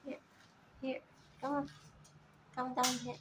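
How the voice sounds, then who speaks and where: A woman vlogging at home, coaxing her pet bird in a soft, baby-talk way. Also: high-pitched, flat delivery, slow pace. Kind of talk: casual vlog talking to a pet bird. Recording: noisy home recording.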